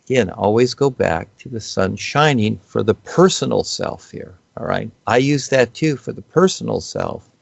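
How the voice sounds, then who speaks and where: Gravelly low-voiced man, rambling. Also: animated, moderate pace, few pauses, dry recording, muffled recording. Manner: rambling, many fillers and restarts. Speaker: guest speaker on spiritual topics. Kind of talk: unscripted spiritual explanation.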